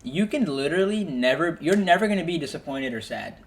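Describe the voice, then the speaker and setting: A young man hosting a podcast, telling animated stories in casual chat, laughing often and using many fillers. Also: on the high side, a little fast. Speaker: podcast host.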